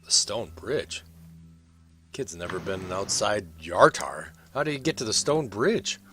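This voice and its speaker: A man's voice: on the low side, lively intonation, measured pace, fairly bright tone, a little hiss or hum. A man voicing a haughty, stern old noblewoman in her sixties who talks to others in an imperious, scolding way. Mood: brooding.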